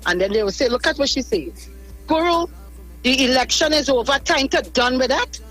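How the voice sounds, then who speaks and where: Older Trinidadian female caller on a car phone, high-pitched and scolding. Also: moderate pace, faint music behind, poor audio. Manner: animated, scolding. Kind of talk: call-in radio talk.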